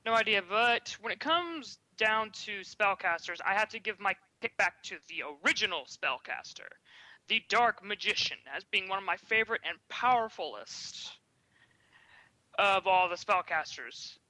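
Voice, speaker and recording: A man's voice: sits high, lively intonation, moderate pace, sharp tone, dry recording, low-quality recording. A man co-hosting a casual card-game podcast, talking enthusiastically about his favorite card. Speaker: podcast co-host.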